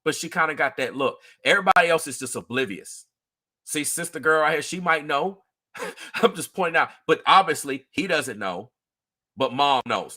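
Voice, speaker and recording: Talking directly to his livestream viewers, this male host is earnest and emphatic, repeating himself a lot. His voice leans high, expressive and bright with a pushed quality, at a moderate pace.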